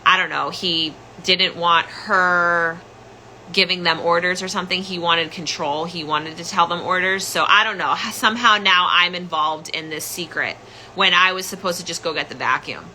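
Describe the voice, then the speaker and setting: A young woman hosts a podcast, telling a personal story in a rambling, casual way packed with "like" and "um." Her voice sits on the low side and sounds bright and forceful, with a steady tone and normal speed. The low-quality recording carries slight background noise.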